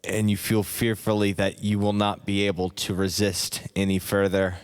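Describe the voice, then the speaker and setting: Male narrator, low voice, slow hypnotic parody delivery, long echo tail. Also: monotone, smooth. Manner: slow, soft, second-person hypnotic narration. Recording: long hall reverb.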